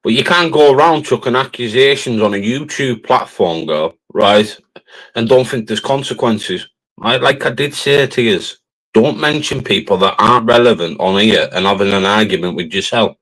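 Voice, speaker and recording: A man's voice: lowish voice, normal speed, fairly bright tone, poor audio. A man with a Cumbrian accent hosting a livestream, ranting confrontationally and ending phrases with a challenging "right?". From northern England. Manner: confrontational, repeats "right?" constantly. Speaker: livestream host. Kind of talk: heated livestream rant.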